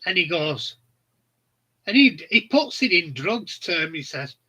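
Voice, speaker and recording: Middle-aged man, blunt rambling casual chat, slow unhurried delivery, sharp bright tone. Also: sits high, big pitch swings, slightly rough, poor audio. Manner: rambling, blunt, laughs at his own stories. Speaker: channel host.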